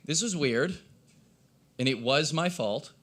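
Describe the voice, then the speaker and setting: A man doing a stand-up set at an open mic, with a hoarse, cracking voice and a rambling, self-deprecating delivery. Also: a little high, animated, takes it slowly, a bit bright. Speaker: stand-up comedian. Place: live open mic in a coffee shop.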